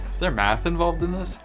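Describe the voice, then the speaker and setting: A man in his twenties with a Southern American accent, talking in a bright, forceful voice. He rambles and cracks self-deprecating jokes as he mixes cocktails, with faint music in the background. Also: a little high. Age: 20s. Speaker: bartender streamer. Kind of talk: casual chat while mixing drinks.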